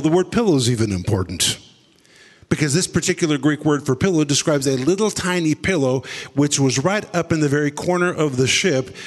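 A man preaching a sermon, telling the story dramatically and acting out what people said. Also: in a large hall. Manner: dramatic storytelling, acting out quotes with big swings in pitch and pace.

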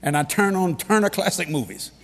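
A man preaching a sermon, telling stories with humor and bursts of shouting. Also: sits high, brisk, in a large hall, noisy background. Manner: animated storytelling with humor and sudden shouts.

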